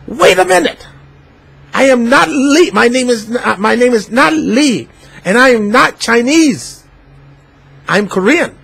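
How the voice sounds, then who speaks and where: A man's voice: extremely high pitch, flat delivery, fast talker, creaky, hardly any pauses, pitched above the performer's own voice. A man voicing an indignant middle-aged male shopkeeper who protests being called by the wrong name, in an exasperated, protesting way.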